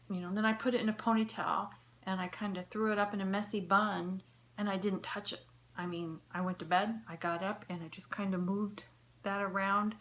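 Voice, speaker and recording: A woman's voice: mid-range voice, steady tone, fairly quick, a bit bright, slight background noise. A woman in her fifties telling a personal story to camera in an earnest, heartfelt way, sometimes dropping to a near whisper. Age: 50s. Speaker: vlogger.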